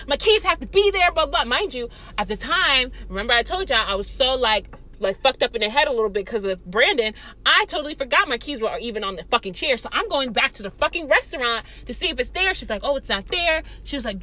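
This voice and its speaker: A young woman hosting a podcast, telling a casual, profane story, swinging between loud bursts and quiet, sheepish asides. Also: on the high side. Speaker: podcast host.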